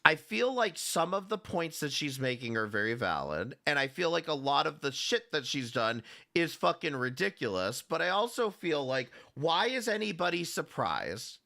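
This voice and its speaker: His voice sits a touch high, creaky and bright with a forceful edge, as he hosts a live commentary stream. Casual and sarcastic, he rambles, restarts, swears, and calls out chatters by name.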